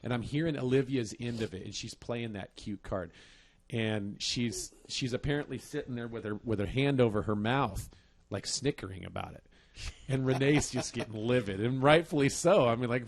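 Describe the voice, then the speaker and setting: Guy in his 30s on a podcast, cussing a lot, laughs at his own stories, middling pitch. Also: normal speed. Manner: profane, laughing storyteller. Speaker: podcast host. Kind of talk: casual chat.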